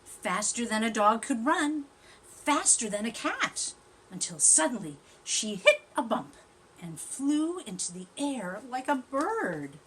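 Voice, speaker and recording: A woman teacher reading a storybook aloud to young children, gently chatty and asking them questions as she goes. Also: fairly high pitch, very animated, slow pace, a little hiss or hum.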